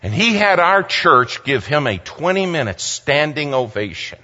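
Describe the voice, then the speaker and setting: A man's voice: a little high, very animated, a little slow. Dramatic male preacher in a reverberant hall. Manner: dramatic, swings from loud exclamations to hushed near-whispers. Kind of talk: sermon. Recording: long hall reverb, slightly dull sound.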